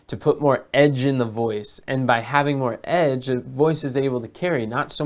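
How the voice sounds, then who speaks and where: A man's voice: medium pitch, moderate pace, few pauses. A man talking as a business coach in a casual monologue, telling stories and often repeating or restarting his words. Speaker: business coach for health educators.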